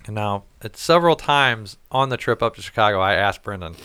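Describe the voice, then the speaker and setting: A man's voice: on the low side, animated, brisk, sharp tone, smooth, no room sound. Profane, rambling storytelling man. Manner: profane, rambling, acts out quoted voices. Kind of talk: casual storytelling chat.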